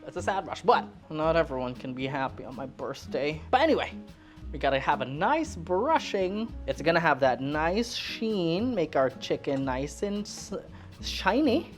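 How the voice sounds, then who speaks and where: Low-voiced woman in her late twenties, lively, swooping pitch, chatty cooking talk, soft music behind. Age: late 20s. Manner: chatty, rambling, jokey with swearing; lively, jumps up high when excited. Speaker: cooking vlogger. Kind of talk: casual cooking chat.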